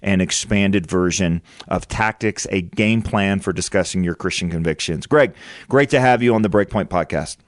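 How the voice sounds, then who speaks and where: Earnest low-voiced male podcast host. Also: normal speed, no room sound. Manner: earnest, with frequent restarts and repeated words. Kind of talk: conversational interview.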